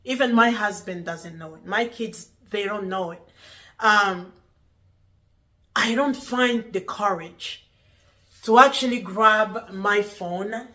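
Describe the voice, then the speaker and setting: A woman in middle age records a casual talk to camera. Her voice sits a touch high and sounds bright and clear. She talks earnestly and repeats herself while she puzzles things out. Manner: earnest, repetitive, puzzled questioning. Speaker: vlogger. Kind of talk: casual talking-to-camera vlog.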